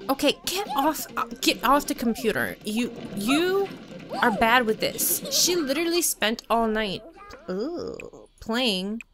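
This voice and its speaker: A woman's voice: a little high, sing-song, slow pace, over music. A young woman giving casual gameplay commentary, chatty, talking to and scolding the game characters as she plays. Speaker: let's play host.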